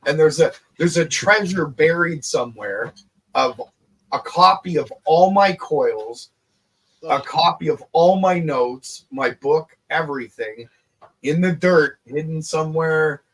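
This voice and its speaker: A man, an inventor, talking in a relaxed group video chat, animated and quick to laugh and swear. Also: fairly high pitch, breathy edge. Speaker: inventor and show guest.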